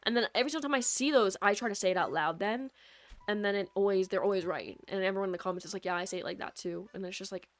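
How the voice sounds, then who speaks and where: Streaming a game over a USB microphone, a young woman from the Midwest chats and rambles in rapid-fire fashion, saying "like" constantly. Her pitch is medium, and soft lofi music plays in the background.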